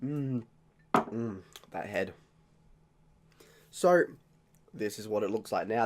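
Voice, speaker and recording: An Australian man talking casually in a beer-tasting vlog, rambling, jokey and quick to mock himself. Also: on the low side, animated, a little hiss or hum. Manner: rambling, jokey and self-mocking. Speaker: vlogger.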